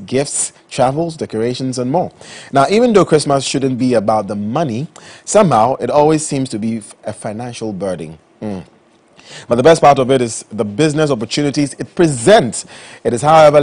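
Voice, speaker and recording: A man presenting a studio talk show at a medium pitch. He opens the segment with upbeat energy and reads out the contact details briskly, in the steady manner of a regular host.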